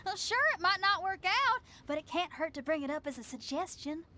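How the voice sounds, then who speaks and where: A woman's voice: very high-pitched, expressive, brisk, pushed and bright, full character voice. An actress voicing a brash young woman rock musician with a strong Southern US accent in a video game. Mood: eager. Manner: bold, breezy, confident.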